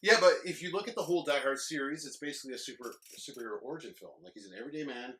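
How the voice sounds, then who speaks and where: A man in his mid-thirties, co-hosting a casual movie podcast and chatting with animated enthusiasm. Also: medium pitch, racing. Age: 30s. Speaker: podcast co-host.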